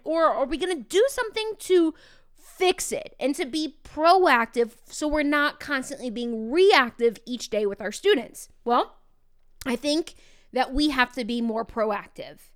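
A woman teacher hosting her own podcast, talking in a casual, loud and energetic way, candid and animated. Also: high-pitched, measured pace. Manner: animated and candid, acts out quoted exchanges. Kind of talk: casual solo podcast talk.

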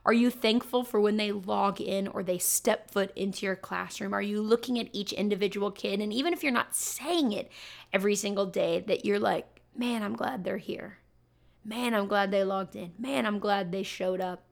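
A woman's voice: mid-range voice, normal speed, creaky. A young adult woman, a teacher, giving an upbeat, chatty motivational talk to fellow teachers with lots of emphatic repeats. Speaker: teacher and podcast host.

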